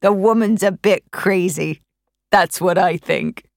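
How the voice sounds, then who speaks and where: A woman reading a novel aloud, voicing an old male countryman who passes on local gossip in a slow, emphatic way. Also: fairly low pitch, gravelly, no echo, studio quality. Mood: gossipy. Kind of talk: audiobook character reading.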